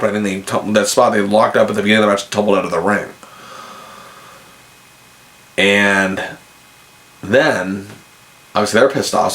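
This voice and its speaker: Male podcast host, low voice, relaxed storytelling that gets animated when he quotes people. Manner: animated, acts out both sides of phone calls. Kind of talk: casual storytelling.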